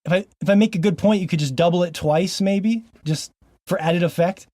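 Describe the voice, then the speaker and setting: A man's voice: high-pitched, a little fast, a little mellow, no room sound. A man from Montana hosting a casual podcast, joking and laughing often between frequent ums. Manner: jokey, laughs often, fillers like um. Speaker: podcast host.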